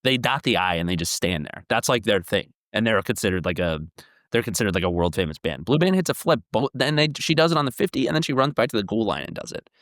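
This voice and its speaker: A young man chats casually about sports on a podcast, with an excitable delivery that spikes into loud, animated bursts. His voice sits fairly low. The close mic sounds dry, with no room at all. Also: quick pace, no room sound. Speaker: podcast co-host.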